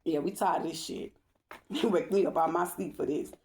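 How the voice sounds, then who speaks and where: A woman's voice: fairly low pitch, normal speed, mellow, slight background noise. A woman reading tarot cards in a spiritual vlog, talking bluntly and emphatically, swearing freely and asking "okay?" over and over. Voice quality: emphatic, repeats "okay?" often. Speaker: tarot reader.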